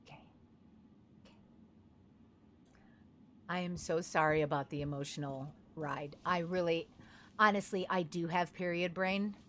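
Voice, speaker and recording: Young woman, game streamer, chatty, rambling, self-deprecating, bright voice. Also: lowish voice, steady tone, moderate pace, slight background noise. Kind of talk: casual gameplay commentary.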